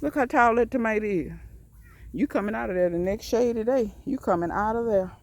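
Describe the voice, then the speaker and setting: A woman's voice: on the high side, a little fast, a little mellow. A woman giving a casual, rambling tour of her backyard garden and greenhouse, talking straight to her viewers in a folksy way while filming on a handheld phone. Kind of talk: casual walk-and-talk tour.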